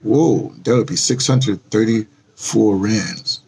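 A man's voice: lowish voice, takes it slowly, vocal fry, darkish tone, husky. A middle-aged man talking in a rambling, casual vlog, drifting off-topic and restarting his sentences often. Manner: meandering, with many fillers and restarts. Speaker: vlogger.

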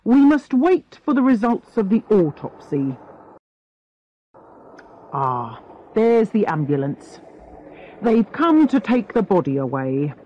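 A woman voicing a calm, stern male police inspector in an audiobook, speaking in a measured way. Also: high-pitched, lo-fi sound, full character voice.

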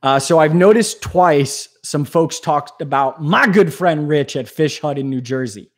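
A man hosting an aquarium channel, talking in an animated, rambling, jokey way on a live stream. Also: on the high side, measured pace. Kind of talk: casual live-stream talk.

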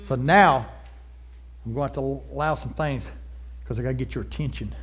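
A middle-aged male pastor preaching a sermon, folksy and down to earth, building into loud, fervent passages. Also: medium pitch, normal speed, husky.

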